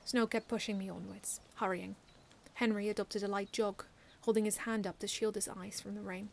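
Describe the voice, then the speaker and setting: A woman reading her own first-person fan story aloud in an earnest, expressive way, often restarting lines. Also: medium pitch, moderate pace, creaky, a little hiss or hum.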